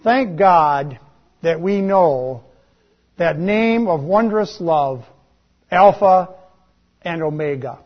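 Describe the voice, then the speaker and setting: A man preaching a sermon in a slow, deliberate way, letting his voice drop on key words. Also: on the high side, lively intonation, lo-fi sound. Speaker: pastor.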